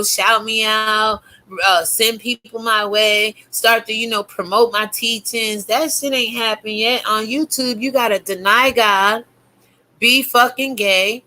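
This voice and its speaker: Sex: woman. Role: YouTube preacher. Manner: fiery, cursing, bright voice. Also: medium pitch, low-quality recording. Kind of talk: religious rant to camera.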